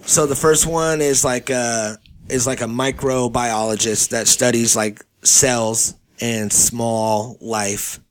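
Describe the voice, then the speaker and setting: A man's voice: medium pitch, steady tone, slow, slight background noise. A man from California hosting a casual podcast chat, rambling, joking and swearing loosely. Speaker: podcast host.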